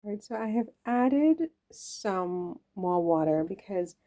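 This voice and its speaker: A woman's voice: medium pitch, lively intonation, slow, mellow. A woman chatting casually to the camera while she cooks in her home kitchen, playful and rambling, laughing at her own jokes. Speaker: cooking vlogger. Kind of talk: casual cooking chat to camera.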